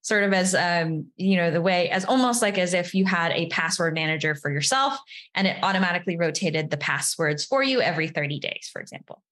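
A woman's voice: lowish voice, lively intonation, a little fast, a bit bright. A woman, a developer advocate guest, explaining step by step in casual interview talk, often adding "you know" and "right".

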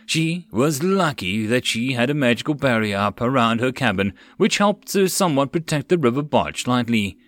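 Amateur audiobook narrator: a man with a mid-range voice, plain steady reading, dry booth sound. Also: medium pitch, moderate pace, few pauses, no echo. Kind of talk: reading a web novel aloud.

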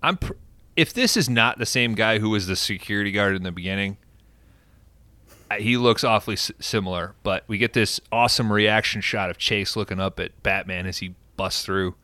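A man hosting a podcast, giving an excited, profane, casual recap of a movie plot. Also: lowish voice, moderate pace, dry recording. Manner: excited and profane, animated storytelling. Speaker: podcast host.

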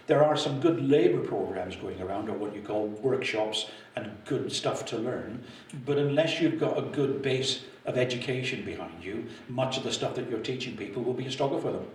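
A man's voice: mid-range voice, normal speed, distant mic. Rambling older man, echoey room. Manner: rambling, repeats words, reminiscing. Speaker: co-host, former prison officer. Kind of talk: casual podcast chat. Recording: echoey room, a bit off-mic, faint noise.

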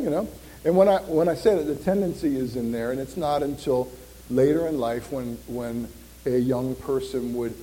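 Animated jokey pastor in a reverberant hall. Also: male voice, medium pitch, slight background noise. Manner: animated, jokey, quizzing the congregation. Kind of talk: sermon. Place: church hall. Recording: long reverb of a church hall.

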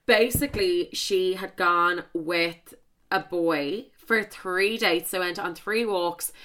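A young woman hosts her podcast in a casual, gossipy chat. Her voice is bright and forward. She leans into dramatic emphasis and fires off rapid asides. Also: medium pitch, clear, resonant tone. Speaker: podcast host.

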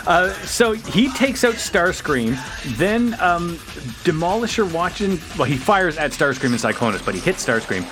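A man co-hosting a podcast, recapping a cartoon episode in a rambling, casual way with animated quotes. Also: high voice, moderate pace, music in the background. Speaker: podcast co-host.

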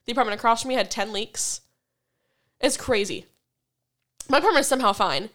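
Animated, swearing young woman telling a story. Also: on the high side. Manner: profane, animated storytelling with quick laughs. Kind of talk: casual chat.

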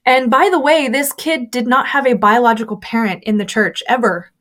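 A woman's voice: fairly high pitch, steady tone, normal speed, fairly bright tone. A woman, a former church member, candidly recounting her experiences in a casual interview, with chatty fillers and quoted voices.

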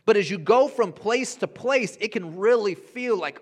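A man in his thirties, a pastor preaching a sermon with animated storytelling that swings between hushed and loud. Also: high-pitched, normal speed, few pauses. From Honduras.

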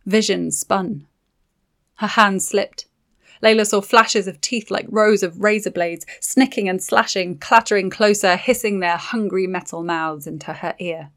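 A woman reading dark fantasy narration for an audiobook in a steady, dramatic manner. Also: medium pitch, measured pace.

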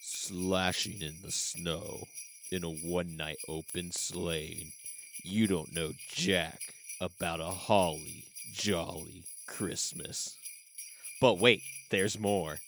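A man putting on a dramatic movie trailer announcer voice, slow and solemn, in a podcast. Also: sits low, fairly even intonation, a bit bright, slight background noise, voice pushed down, full character voice. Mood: ominous.

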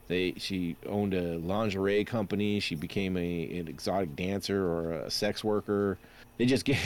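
A man with a fairly low voice talks casually about comics and films, rambling along with many fillers and restarts. He sounds relaxed and chatty, like a podcast host. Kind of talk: casual pop-culture chat.

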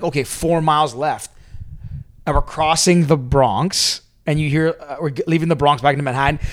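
A male podcast co-host recounting a story in casual chat. His voice sits a little high, and he rambles along with plenty of fillers, sounding animated.

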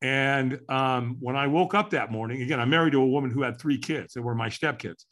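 Speaking briskly in a medium-pitched, slightly bright voice, an older Californian man shares his life story as an interview guest. He is earnest and candid, saying his past thoughts out loud.

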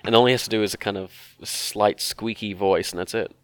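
A man's voice: fairly low pitch, fairly even intonation, fairly quick, no echo. A man, co-hosting a casual chat and rambling through joking asides. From Australia. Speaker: podcast co-host.

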